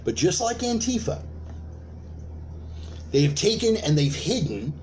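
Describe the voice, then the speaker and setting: A man's voice: high-pitched, sing-song, measured pace, a little mellow, a little hiss or hum. A man delivering a ranting sermon, profane and emphatic, building points with repetition and rhetorical questions. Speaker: preacher of an online sermon.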